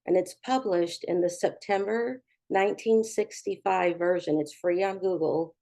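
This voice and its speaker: A woman's voice: on the low side, a little slow, gravelly, mellow. A middle-aged woman giving a candid, humorous personal recovery testimony, acting out the voices of the people in her story. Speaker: recovery speaker.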